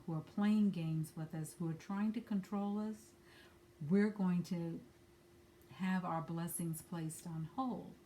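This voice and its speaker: A woman with a slightly low voice gives an angel-card reading in a frank, chatty way. She swears casually and drops friendly asides as she speaks from home. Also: warm tone, a little hiss or hum. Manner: candid, blunt, swears casually. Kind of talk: spiritual guidance talk. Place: at home with a dog nearby.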